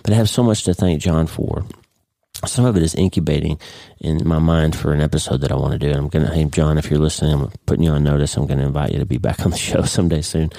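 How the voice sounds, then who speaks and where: A man's voice: extremely low pitch, steady tone, fast talker, creaky, mellow, dry recording. A middle-aged man hosting a podcast, talking earnestly off the cuff with frequent restarts. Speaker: podcast host, neurosurgeon. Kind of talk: casual unscripted podcast monologue.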